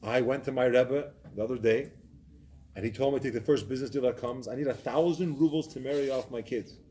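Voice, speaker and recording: A man voicing a poor, stubborn villager who calmly refuses to budge. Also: mid-range voice, brisk, natural voice. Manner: calm and unyielding.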